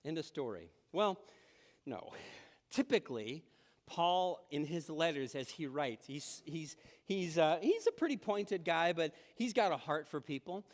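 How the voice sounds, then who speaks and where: A man's voice: a little high, unhurried, big-room sound. A man preaching a sermon in a church, telling stories and acting out the voices he quotes. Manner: lively storytelling, acts out quoted voices. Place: church sanctuary.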